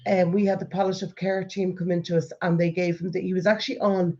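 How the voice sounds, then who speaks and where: A woman in her forties with an Irish accent, chatting casually as a vlogger and telling stories in a lively way. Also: lowish voice, quick pace, muffled recording. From Ireland. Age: 40s. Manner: lively storyteller, acts out quoted voices. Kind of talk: casual chat.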